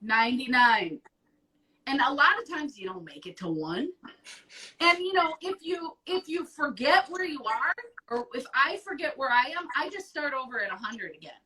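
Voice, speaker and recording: A woman hosting an advice show in casual chat, blunt and profane, talking with animated emphasis. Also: sits high, normal speed, recorded from a distance, low-quality recording.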